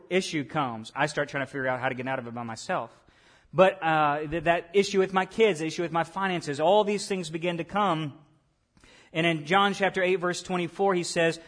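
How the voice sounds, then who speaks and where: A man preaching a sermon, asking the room questions and rising loud on key points. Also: on the high side. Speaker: pastor.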